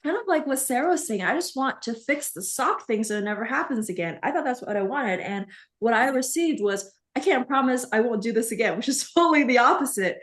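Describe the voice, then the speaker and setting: A woman of middle pitch co-hosting a live relationship show. She speaks candidly and thoughtfully about her own feelings. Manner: reflective, candid. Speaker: relationship coach co-host. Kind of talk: live-streamed conversational talk.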